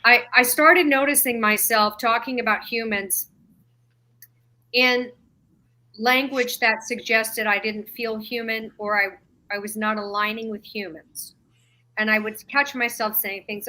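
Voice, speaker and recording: A bright, ringing woman's voice, pitched a little high, tells a long personal story. She is middle-aged and talks conversationally, acting out the lines of the people in her tale with real feeling. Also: measured pace. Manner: animated, emotional retelling with quoted dialogue. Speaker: podcast guest.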